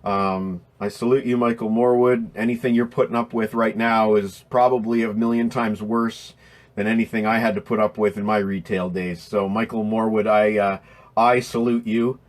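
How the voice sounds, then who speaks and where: A man's voice: lowish voice, little pitch movement, moderate pace. A man hosting a casual live stream, rambling and swearing as he reads out chat names, his throat strained from voiceover work.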